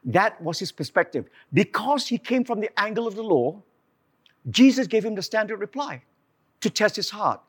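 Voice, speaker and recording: A man preaching a sermon, telling the story with animated asides and acted-out quotes. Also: sits high, moderate pace, husky.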